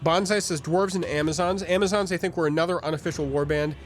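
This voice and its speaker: A man's voice: fairly high pitch, fairly even intonation, quick pace, soft background music. A man streaming a game live, chatting in a rambling way and reading viewer comments aloud.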